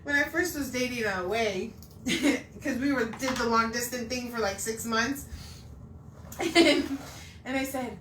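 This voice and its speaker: A woman's voice: fairly high pitch, unhurried, fairly bright tone. A young woman who laughs often, chatting casually and reading out viewer comments. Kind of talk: casual chat. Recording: roomy echo from a distance, faint noise.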